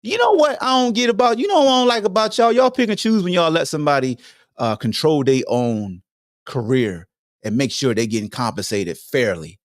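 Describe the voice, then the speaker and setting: Animated man ranting about fight sports. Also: a little high, fairly quick, no echo, clean studio sound. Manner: animated, heated, blunt with slang and profanity. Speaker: podcast host. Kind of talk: opinionated sports rant.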